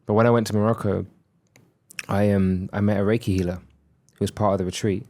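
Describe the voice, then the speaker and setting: A man in his thirties speaks as a podcast guest, telling a personal story with candid reflection. His voice sits fairly low. He slips into the dialogue he quotes, acting out the other people's lines. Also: steady tone, fairly quick, darkish tone.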